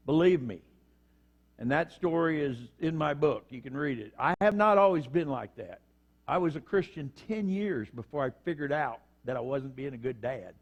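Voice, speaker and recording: An older man delivers a sermon in a folksy, storytelling way. His voice sits a little high for a man, and he slips into the voices of the people in his stories. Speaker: pastor.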